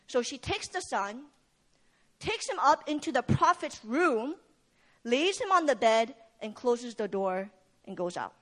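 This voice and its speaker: A woman's voice: fairly high pitch, big pitch swings, unhurried, a bit bright. A young adult woman preaching a sermon at a prayer meeting, retelling a story in a casual way with fillers.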